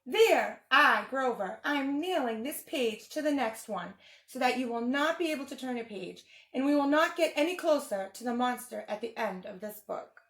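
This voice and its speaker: A woman's voice: high-pitched, normal speed, roomy sound. A woman reading a picture book aloud and voicing a furry, anxious monster who pleads and frets. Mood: fretful. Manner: frantic, pleading, excitable.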